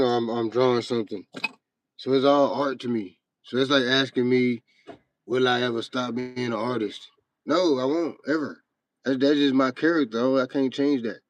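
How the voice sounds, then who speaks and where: A young man with a medium-pitched voice hosts a livestream, talking to his chat in a blunt, profane, rambling, casual way. The recording is dry.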